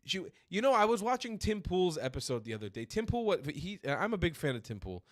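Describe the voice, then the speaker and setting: A man's voice: high voice, sing-song, a little fast, no room sound, clean studio sound. Furious profane man ranting on a stream. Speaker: streamer host. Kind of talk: angry political commentary stream.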